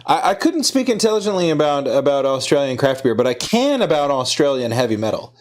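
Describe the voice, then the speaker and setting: A man co-hosting a casual tech livestream, telling stories in an animated way and laughing often. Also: medium pitch, a little fast. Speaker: podcast co-host.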